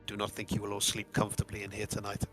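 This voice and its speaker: A man puts on a large, heavy-stepped Nordic warrior for a tabletop game. The voice sits low and flat but has a bright edge. He talks in a measured, formal, grave way. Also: faint music behind. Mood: stern.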